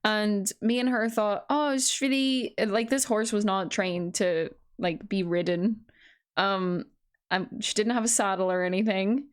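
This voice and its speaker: A woman co-hosting a podcast, chatting casually and laughing often as she tells animated stories. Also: medium pitch, measured pace. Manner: giggly, animated storyteller. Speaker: podcast co-host. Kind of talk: casual chat.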